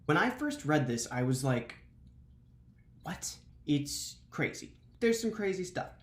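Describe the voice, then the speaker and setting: An enthusiastic woman hosting a casual, slangy video recap of a fantasy novel. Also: low-pitched. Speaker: book recap host. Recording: roomy echo.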